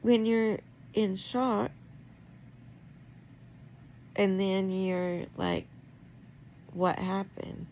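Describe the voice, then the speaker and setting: Gravelly woman venting in a rambling monologue. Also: medium pitch, drawn-out words, long pauses, darkish tone, slight background noise. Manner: emotional, rambling, laughs through anger; confrontational, addressing someone directly.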